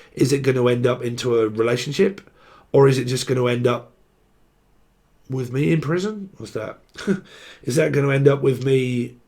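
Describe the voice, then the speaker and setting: A young man giving a tarot reading in a loose, rambling way, swearing freely and laughing at his own jokes. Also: medium pitch. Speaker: tarot reader. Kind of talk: casual unscripted tarot reading.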